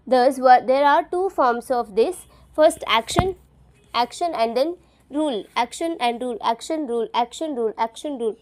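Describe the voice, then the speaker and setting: A woman tutoring for an exam, repeating each key term several times and spelling words out letter by letter. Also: fairly high pitch. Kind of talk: study-along lesson, repeating terms aloud to memorize.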